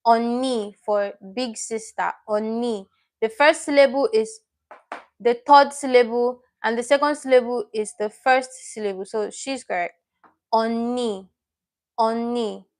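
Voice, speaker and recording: A woman with a fairly high voice and fairly even intonation teaches a live online lesson without hurrying. Her style is chatty; she often repeats herself and corrects her own slips while reading viewers' names and comments.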